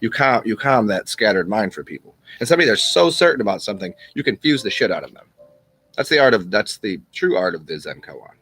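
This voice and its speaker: Male channel host, low-ish voice, rambling casual storyteller. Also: big pitch swings, a bit bright, husky. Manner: rambling and unhurried, with restarts and chuckles. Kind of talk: casual spoken teaching and storytelling.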